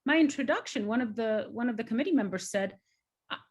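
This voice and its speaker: A woman in her forties speaks as an interview guest, recounting her working life. Her delivery is emphatic and grows animated when she is excited. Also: fairly high pitch, quick pace. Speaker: guest scientist. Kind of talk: conversational interview storytelling.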